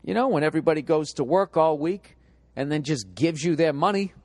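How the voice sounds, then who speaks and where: A man's voice: fairly high pitch, animated, fairly quick, darkish tone, no echo. Profane ranting stand-up man, dry sound. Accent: Boston. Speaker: stand-up comedian. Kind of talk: stand-up comedy set.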